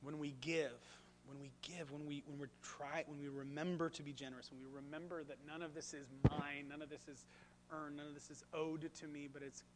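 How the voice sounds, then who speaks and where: A man preaching a sermon in a fairly high voice. His delivery is animated, with asides and questions to the congregation. A faint hum sits under the recording. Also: a little fast. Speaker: pastor.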